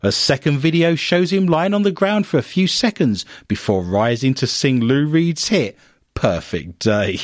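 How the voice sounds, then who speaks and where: A man's voice: a little high, lively intonation, measured pace, dry recording, studio quality. A man co-hosting a podcast, reading odd news stories aloud with teasing, wry quips. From Britain. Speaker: podcast co-host.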